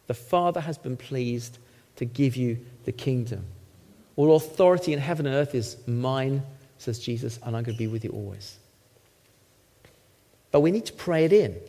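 A middle-aged man, a former lawyer, preaching a sermon with emphatic, animated teaching and frequent check-ins with the congregation. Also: on the high side. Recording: long hall reverb.

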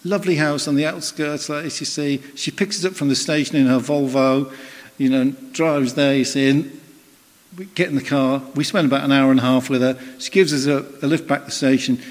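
A man's voice: medium pitch, steady tone, brisk. A man preaching a sermon in a conversational, storytelling way, acting out the voices of people in his stories. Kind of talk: sermon with personal anecdote. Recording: long reverb of a hall.

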